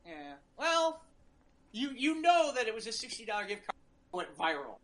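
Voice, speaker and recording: A man co-hosting a podcast, chatting casually and rambling with animated jokes while reading out news stories. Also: very high-pitched. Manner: animated, rambling, quick to joke. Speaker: podcast co-host. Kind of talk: casual chat.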